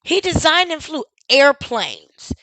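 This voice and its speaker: A woman's voice: sits high, very animated, takes it slowly, pushed and bright, no room sound, rough recording. A woman streamer giving sarcastic live commentary on a news clip, firing off blunt rhetorical questions and the odd swear word.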